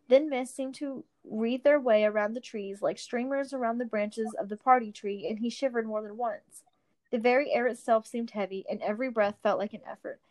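A woman reads a fantasy storybook aloud in a fairly high voice. Her reading is steady, with now and then a slip she corrects. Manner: steady reading with occasional slips and restarts. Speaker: narrator.

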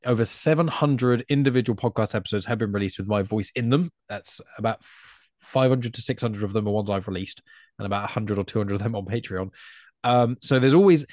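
A man's voice: lowish voice, brisk, darkish tone, no echo. English male guest, rambly and chatty, dry booth sound. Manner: chatty, rambling, self-correcting. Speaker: podcast guest. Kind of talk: casual podcast chat.

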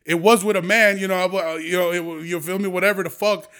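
High, bright-voiced man ranting profanely. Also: steady tone, a little fast, smooth. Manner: profane, heated and rambling. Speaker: podcast host. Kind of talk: casual ranting monologue.

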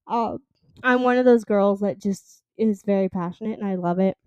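A woman's voice: mid-range voice, normal speed, warm tone, clear, resonant tone, no room sound, highs cut off. A woman in her twenties hosting her own podcast, chatting casually and rambling with lots of fillers. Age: 20s. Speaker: podcast host. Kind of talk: casual solo podcast chat.

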